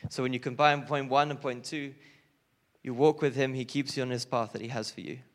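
A man's voice: medium pitch, steady tone, a little fast. Earnest young man giving a testimony. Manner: earnest, rises with emotion on key points. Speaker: speaker sharing a testimony. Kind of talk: personal testimony sermon.

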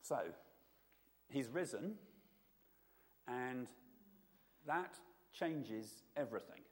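A man's voice: mid-range voice, animated, very slow, big-room sound. A man giving an informal, conversational sermon to a congregation, often checking in with his listeners. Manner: conversational, asks the audience often. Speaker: preacher.

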